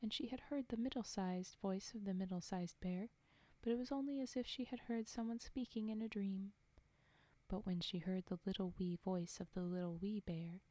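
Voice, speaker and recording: A woman whispering a fairy tale slowly and softly as a storyteller, in a whispered role-play reading. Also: medium pitch, dry recording. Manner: soft, slow, whispered reading. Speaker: storyteller and streamer.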